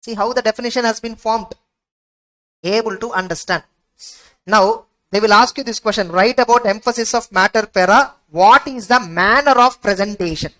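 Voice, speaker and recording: Woman with teaching an exam revision class, fairly high voice, keeps asking yes or no and repeating key words. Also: moderate pace, fairly bright tone, poor audio. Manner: rhetorical questions answered herself, emphatic repetition. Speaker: accounting exam tutor. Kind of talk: recorded revision lecture.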